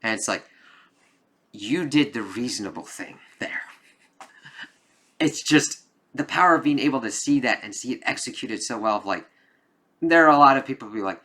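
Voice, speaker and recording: A man's voice: medium pitch, animated, normal speed, pauses often, sharp tone. A man giving a casual spoken film review, rambling with lots of "like"s and frequent swearing.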